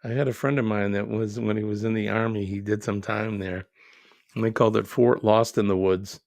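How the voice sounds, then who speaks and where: A man's voice: on the low side, steady tone, a little fast, vocal fry, a little mellow, no room sound. A middle-aged man hosting a live stream, reading viewer comments aloud and chatting about them in a joking, easygoing way. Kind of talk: casual live chat.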